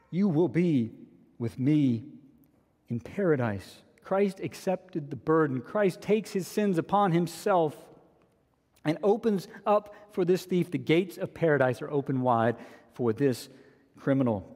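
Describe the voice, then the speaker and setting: A man's voice: fairly high pitch, darkish tone, in a large hall. A man preaching a sermon as a pastor, earnest and repeating key phrases for emphasis.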